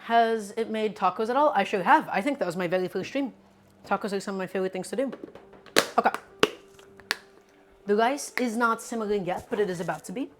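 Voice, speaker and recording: A woman's voice: mid-range voice, brisk, long pauses, slight background noise. Upbeat woman chatting through a cooking stream. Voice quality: chatty, upbeat, talks to the chat directly. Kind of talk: casual live cooking chat. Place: home kitchen at the stove.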